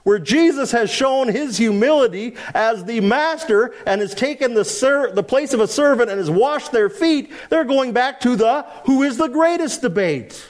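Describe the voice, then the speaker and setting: Male pastor mid-sermon, lively and high-pitched, questioning. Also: normal speed, hardly any pauses. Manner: animated, full of rhetorical questions.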